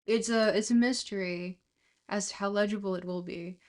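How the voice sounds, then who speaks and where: Woman streamer just chatting, trails off a lot, laughs at herself, normal mid pitch. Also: fairly even intonation, normal speed, a little mellow. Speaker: livestreamer reading a book aloud. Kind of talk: casual livestream chat.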